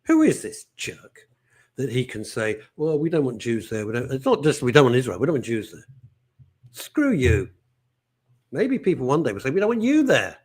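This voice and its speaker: A man's voice: medium pitch, moderate pace, slightly rough. A man hosting a live show, reading out viewer comments and ranting in casual chat. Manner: animated and ranting, jumping between topics. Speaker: host.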